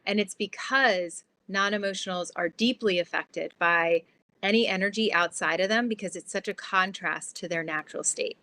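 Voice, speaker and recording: A woman guest on an interview podcast, explaining her ideas in a lively, chatty way with lots of "like". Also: mid-range voice, moderate pace. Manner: animated, explanatory, fillers like "like". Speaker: guest, transformation guide.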